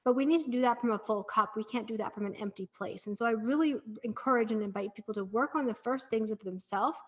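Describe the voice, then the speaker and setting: Earnest, encouraging woman, slightly high voice. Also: fast. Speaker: podcast guest, breathwork practitioner. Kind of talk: casual podcast conversation.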